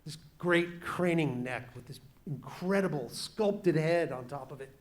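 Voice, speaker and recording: A man, an author, telling a story to students in an animated way, slowing down and quieting for drama. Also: a little high. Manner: animated, shifts pace and volume for drama. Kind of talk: storytelling talk to a class.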